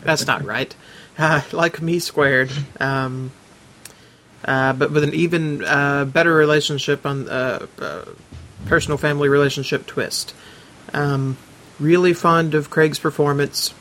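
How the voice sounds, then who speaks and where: A man hosts a casual podcast and reads listener reviews aloud, adding his own comments along the way. His voice sits fairly high for a man. He stumbles and fills the gaps with um and uh. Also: fairly even intonation, a little slow, a bit bright. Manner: hesitant, lots of ums and uhs, adds his own comments while reading. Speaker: podcast host.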